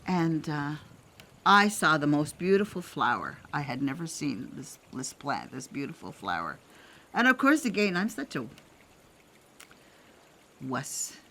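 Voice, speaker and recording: An older woman from Canada, an elder telling a personal story in a gentle, reflective way, pausing often and laughing softly. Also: sits low, sing-song. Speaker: elder sharing traditional teachings.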